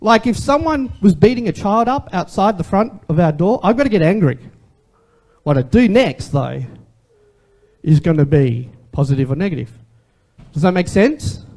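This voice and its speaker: A man's voice: high-pitched, expressive, moderate pace, darkish tone. A man, preaching a sermon as a pastor in a conversational way and asking the congregation questions.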